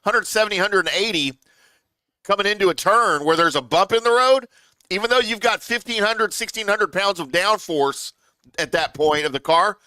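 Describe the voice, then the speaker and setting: A man co-hosting a sports talk show, explaining at length in an animated, storytelling way. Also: sits high, moderate pace, no room sound. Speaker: co-host.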